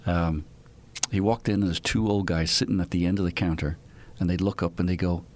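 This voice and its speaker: A man's voice: low-pitched, steady tone, brisk, darkish tone. A man in his fifties with an Irish accent, a guest telling chatty stories in an interview. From Ireland. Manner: chatty anecdotal storyteller. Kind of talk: casual interview storytelling.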